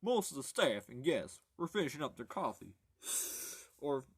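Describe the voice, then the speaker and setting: A man's voice: medium pitch, very animated, breathy edge, no echo, studio quality. Rambling, joking man reading an audiobook aloud. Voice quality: jokey, crude asides and halting self-corrections. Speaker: amateur audiobook reader.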